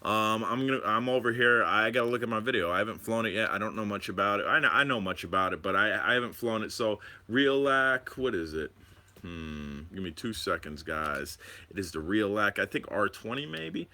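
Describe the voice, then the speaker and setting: Animated man rambling on a live stream. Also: fairly low pitch, a little fast. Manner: excited, rambling, talks to viewers. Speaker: drone channel host. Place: home.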